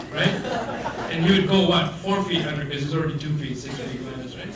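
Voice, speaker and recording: A man giving a religious lecture to students, animated, acting out the voices of the people he describes. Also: sits high, moderate pace, crowd noise. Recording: echoey hall, mic far off, faint noise.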